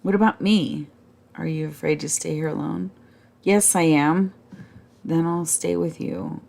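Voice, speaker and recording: A tearful young nurse scolds sharply, her voice lifting higher and louder than the narration. A woman reads her in a storybook reading, with a gravelly edge under the shrillness. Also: unhurried, full character voice. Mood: upset.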